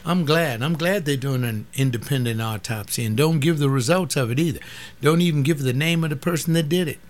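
A man's voice: on the high side, brisk. A man of seventy giving an impassioned webcast monologue as its host, rising to outrage. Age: 70s. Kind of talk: casual monologue commentary.

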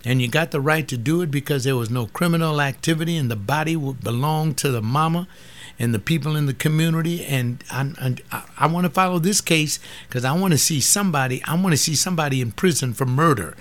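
A man's voice: a little high, fairly quick. A man of seventy giving an impassioned webcast monologue as its host, rising to outrage. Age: 70s. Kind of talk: casual monologue commentary.

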